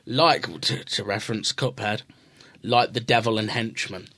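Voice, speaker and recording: A man's voice: fairly low pitch, measured pace, pushed and bright. A man co-hosting a casual film review podcast. He chats easily, points out game references and tosses in silly asides. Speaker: podcast co-host.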